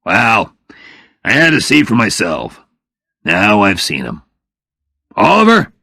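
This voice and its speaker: Male reader voicing an easygoing older father figure in a storybook; low, gravelly, unhurried. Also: huge pitch swings, sharp tone, no echo, clean studio sound, heavily acted. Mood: warm. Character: warm, friendly older working-class father.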